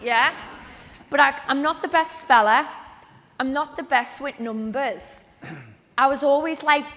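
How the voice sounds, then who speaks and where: A woman's voice: high-pitched, fairly bright tone. A woman telling a personal story on stage to a live audience, acting out the conversations she quotes. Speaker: speaker at a training event. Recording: reverberant hall sound.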